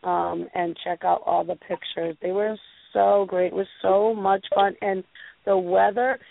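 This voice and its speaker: A woman's voice: mid-range voice, fairly even intonation, unhurried, creaky. A woman hosting a casual call-in show, telling rambling stories full of filler words. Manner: rambling storyteller, many fillers. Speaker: show host. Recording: tinny phone-line audio with faint noise.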